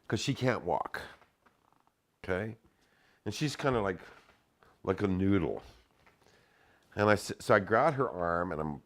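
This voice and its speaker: A man telling a story in casual chat, animated and profane, acting out the shouted lines. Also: sits low.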